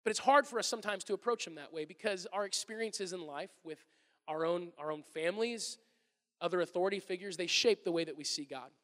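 A man in his thirties preaching a conversational sermon as a pastor, animated and acting out little everyday scenes. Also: high-pitched, brisk, big-room sound.

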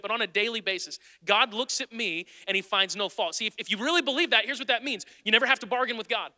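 A man's voice: sits high, pushed and bright, long reverb tail. A male pastor preaching a sermon in a church, in an earnest, conversational way that repeats phrases for emphasis. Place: church sanctuary.

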